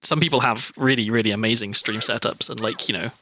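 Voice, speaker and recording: A man's voice: medium pitch, fast talker, bright, forceful tone, slight background noise. A young man from South Wales with a mild Welsh accent, chatting in a meandering, self-deprecating way while streaming a game. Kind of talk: casual gameplay commentary.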